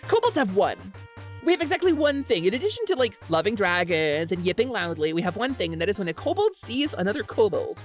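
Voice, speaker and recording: A woman's voice: medium pitch, sing-song, fast talker, soft background music. A young woman chatting playfully while streaming a game, giggling and slipping into goofy in-character bits. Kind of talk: casual chat while gaming.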